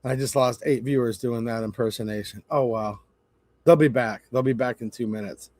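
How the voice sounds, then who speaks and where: A man's voice: mid-range voice, normal speed, darkish tone, no room sound. A man hosting his own channel, ranting sarcastically in a rambling live-stream commentary. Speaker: channel host.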